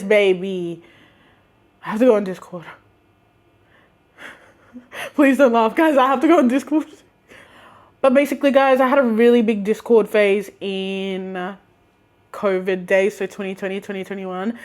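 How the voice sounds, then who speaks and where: A young woman in her twenties telling stories in a chatty, animated, slangy way, with laughs and restarts. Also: medium pitch, moderate pace, pauses often. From Australia. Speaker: vlogger. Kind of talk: casual storytime.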